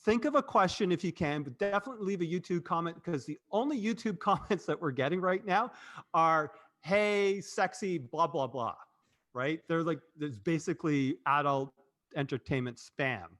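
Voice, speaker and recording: A man's voice: on the high side, expressive, a little fast, a bit bright. A man hosting a casual marketing livestream, rambling and cutting himself off, laughing easily. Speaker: host and agency president.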